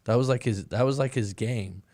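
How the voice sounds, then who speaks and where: A man's voice: medium pitch, normal speed, mellow, no echo. A man hosting a breakup coaching podcast, chatting casually with his live audience and telling a rambling story full of restarts, calling listeners "boss man.".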